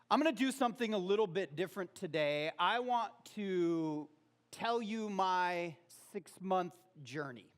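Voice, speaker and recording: A man preaching a sermon in a church, talking casually and rising loud on quoted verses. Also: sits high, moderate pace. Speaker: pastor. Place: church auditorium.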